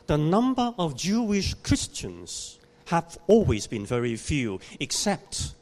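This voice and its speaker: Man giving a sermon, unhurried, pitch rises and falls a lot, storytelling with questions to the congregation. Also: wildly swooping pitch, darkish tone. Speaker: pastor. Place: church.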